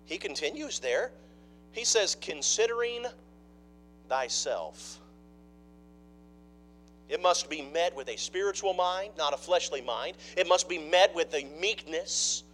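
Male preacher, high voice, very lively pitch, hushed asides then loud preaching, faint music behind. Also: a little slow, pauses often, low-quality recording. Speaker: pastor. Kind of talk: sermon.

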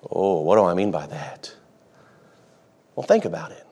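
A man preaching a sermon, who jokes with the congregation and acts out scenes, swinging from hushed asides to shouting. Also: deep voice, animated, normal speed, husky. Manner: dramatic, acts out the disciples' panic, swings from quiet to shouting. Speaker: pastor.

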